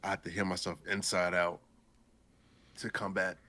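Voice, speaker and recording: A man's voice: low voice, flat delivery, normal speed, pushed and bright. A man voicing a brash young male healer hero, groaning and whining in an exaggerated way. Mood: groggy.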